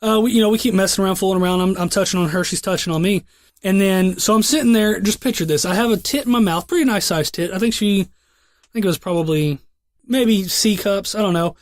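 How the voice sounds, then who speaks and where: A man's voice: high voice, fast talker, no room sound, studio quality. A young man hosting a podcast, telling a long story in a casual, rambling way full of profanity and restarts. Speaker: podcast host.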